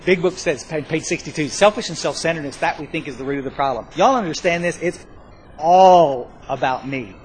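A man telling his recovery story to a live audience, rambling and self-mocking, with bursts of loud emphasis. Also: fairly high pitch, a little fast, a little hiss or hum, poor audio. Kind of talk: spoken testimony to a live audience.

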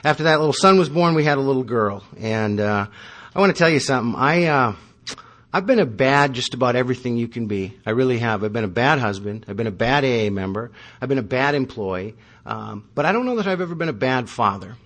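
A man's voice: mid-range voice, expressive, brisk, fairly bright tone. A man in his thirties telling his recovery story at a meeting, wry and self-mocking. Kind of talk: personal testimony with self-deprecating humor.

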